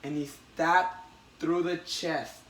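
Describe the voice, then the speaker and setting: A man hosting a casual comic book chat, retelling a story with excitement and many restarts. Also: on the high side, takes it slowly, distant mic. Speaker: podcast host. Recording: echoey room, faint noise.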